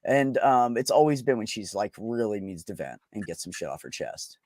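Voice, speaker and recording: Animated, profane man telling a story. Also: on the low side, normal speed, dry recording, studio quality. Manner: blunt, profane, emotional. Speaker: podcast host. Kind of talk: candid conversational storytelling.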